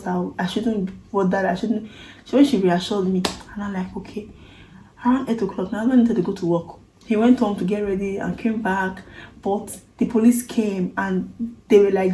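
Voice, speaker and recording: A woman's voice: mid-range voice, mellow, reverberant, slight background noise, low-quality recording. A Nigerian woman vlogger recounting a personal ordeal to camera in an earnest, emotional way, slipping into Pidgin phrases.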